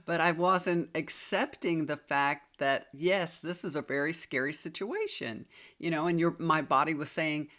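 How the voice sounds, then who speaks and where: A woman's voice: deep voice, a little slow, fairly bright tone. A woman, likely in her fifties, telling a personal story to viewers in a chatty, confiding way. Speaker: tarot reader and healer.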